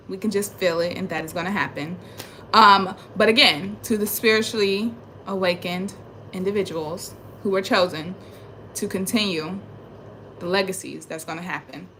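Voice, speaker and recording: A young woman with a bright, sharp voice vents straight into her phone camera at home. She circles back to the same phrases again and again, emphatic and frustrated, in a spiritual rant. Faint noise hums underneath. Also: mid-range voice. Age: young adult. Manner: emphatic and repetitive, frustrated venting. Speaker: vlogger. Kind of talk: ranting spiritual vlog monologue. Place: at home indoors.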